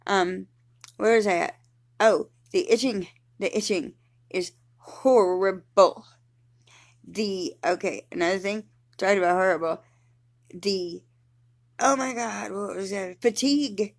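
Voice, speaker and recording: A woman in her thirties talking straight into her camera in a loose personal vlog. She rambles, swears without a second thought, and drifts off mid-sentence while she searches for the next word. Her pitch sits right in the middle for a woman. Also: measured pace, pauses often. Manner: rambling, candid, swears freely, trails off searching for words. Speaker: vlogger.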